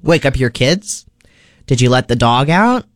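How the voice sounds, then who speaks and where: A man's voice: mid-range voice, lively intonation, measured pace, faint music behind. Sarcastic male radio DJ. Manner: sarcastic, chatty. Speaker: radio host. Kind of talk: casual radio DJ chat. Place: radio studio.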